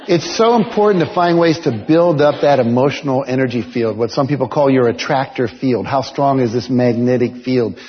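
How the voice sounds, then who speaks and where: A man giving a motivational seminar talk to an audience, coaching listeners directly and telling stories with lively energy. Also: a little high, background noise. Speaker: motivational speaker. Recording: dull lo-fi sound with long hall reverb.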